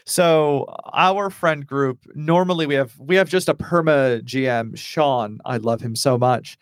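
A man's voice: medium pitch, a little slow, dry recording, studio quality. A man telling stories enthusiastically in a casual podcast chat. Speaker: podcast panelist.

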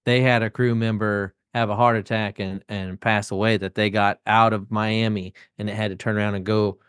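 A man's voice: on the low side, little pitch movement, normal speed, fairly bright tone, clean tone, no room sound, clean studio sound. A man co-hosting a podcast, telling stories in a laid-back, casual way. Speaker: podcast co-host. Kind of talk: casual chat.

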